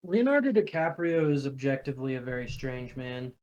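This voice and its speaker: A man's voice: medium pitch, very animated, fairly quick, a little mellow, muffled recording. A young man co-hosting a podcast, chatting casually and telling stories with a playful, giggly manner. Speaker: podcast co-host. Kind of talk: casual chat.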